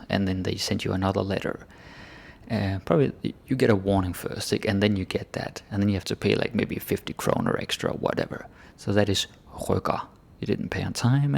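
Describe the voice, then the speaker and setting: Gravelly low man teaching. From Denmark. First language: Danish. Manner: relaxed explaining, slows down to read phrases. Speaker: language teacher. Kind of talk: casual language lesson.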